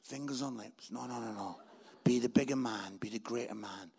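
A man voicing God as a calm, quietly knowing presence. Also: medium pitch, normal speed, creaky, slightly rough, pitched below the performer's own voice. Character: calm, gently wry voice of God.

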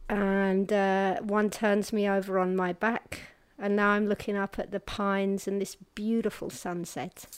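A woman recounting an ordeal, earnest and halting. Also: mid-range voice, level tone, clear, resonant tone, no echo. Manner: halting and earnest, with restarts and hushed pauses at hard moments; vivid storyteller, shifting between brisk and slow, quiet passages. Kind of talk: personal testimony told to an audience.

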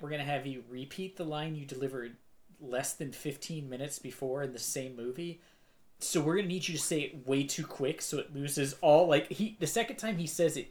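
A man's voice: on the high side, darkish tone. A man co-hosting a casual movie review podcast, rambling with lots of fillers and mocking put-on quotes. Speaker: podcast co-host.

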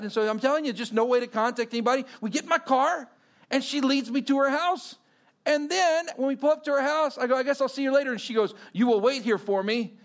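A middle-aged man from Texas, a pastor telling a personal story in a sermon in an animated, conversational way with fillers. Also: sits high.

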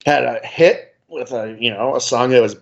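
A man in his forties co-hosting a podcast, talking in a loose, rambling way full of "like"s and little chuckles. His pitch is ordinary. The audio is dull and muffled, with the highs cut off. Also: normal speed, vocal fry. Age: 40s. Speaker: podcast co-host. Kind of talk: casual chat.

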